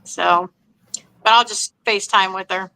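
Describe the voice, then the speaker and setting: Bright-voiced woman, soft responsive chatter. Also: medium pitch, steady tone, a little slow, gravelly, slight background noise, rough recording. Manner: warmly responsive, hesitant fillers. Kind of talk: casual chat.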